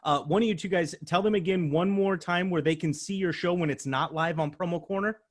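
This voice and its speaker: A man's voice: high voice, brisk. A man hosting a casual live online show, praising his guests with frequent fillers and laughs. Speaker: host.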